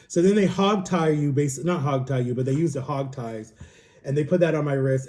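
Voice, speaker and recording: Recording at home, a young male vlogger with a warm voice on the high side recounts a personal story. His delivery is casual and rambling, full of "like," and he acts out what others told him in dialogue.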